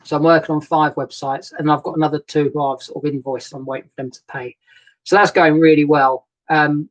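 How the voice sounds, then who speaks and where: A man's voice: on the high side, low-quality recording. Male host, casual rambling chat, friendly greetings to viewers, sofa-side live stream setup. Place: sofa inside a narrowboat. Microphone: laptop webcam setup.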